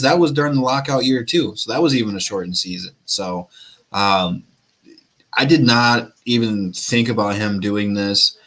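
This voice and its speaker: A man co-hosting a casual basketball podcast, chatting in a relaxed, enthusiastic way. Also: medium pitch. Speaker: podcast co-host. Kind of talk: casual sports talk.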